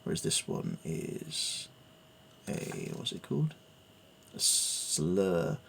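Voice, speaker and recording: A man's voice: sits low, wildly swooping pitch, slow pace, vocal fry, a little hiss or hum. A man thinking aloud as he works through piano theory, reading notes and musing hesitantly with fillers. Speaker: piano learner. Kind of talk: thinking aloud while studying music theory.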